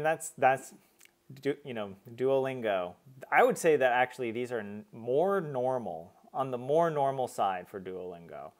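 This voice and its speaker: A man chatting casually on a live stream, chatty and self-mocking, laughing at his own slips. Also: mid-range voice. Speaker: streamer learning a language.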